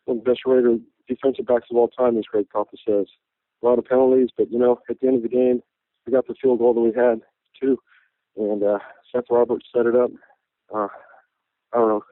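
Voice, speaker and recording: A man's voice: mid-range voice, level tone, brisk, no room sound. A man calling in to a fan radio show, emotional and nostalgic, saying "man" often. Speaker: caller. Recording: tinny phone line.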